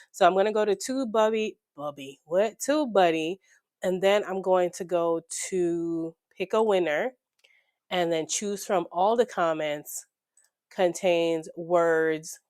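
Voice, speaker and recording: Slightly hoarse woman chatting through her budget, dry close sound, lots of y'all. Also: lowish voice, no echo. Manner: chatty, excitable, talks to viewers as y'all. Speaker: budgeting YouTuber. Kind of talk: casual chat while budgeting. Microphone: desk microphone.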